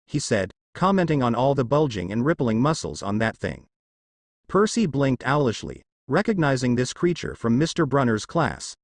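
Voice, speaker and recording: Lively male fan-fiction narrator. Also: mid-range voice, normal speed, no room sound, clean studio sound. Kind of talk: reading fan fiction aloud.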